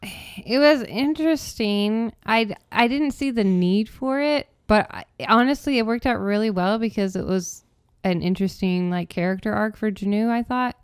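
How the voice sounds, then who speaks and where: A woman's voice: medium pitch, moderate pace, clear, resonant tone, dry recording, clean studio sound. A woman co-hosting a podcast in casual chat, agreeable and thoughtful, with some stammered starts. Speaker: podcast co-host.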